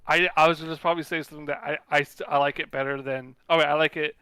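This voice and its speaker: Male, hoarse and gravelly, hesitant and halting. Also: on the high side, little pitch movement, bright, forceful tone, no echo. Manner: hesitant, halting, many restarts. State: losing his voice, hiccups. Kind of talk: casual group chat.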